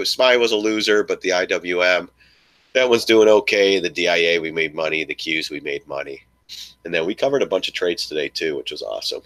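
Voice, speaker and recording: Deep-voiced guy chatting on a trading live stream, bright forceful tone, stumbles and repeats himself a lot. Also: no room sound. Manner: rambling, repeats words, fillers and restarts; mocks frustrated traders in a shrill yelling voice. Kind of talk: casual live-stream chat.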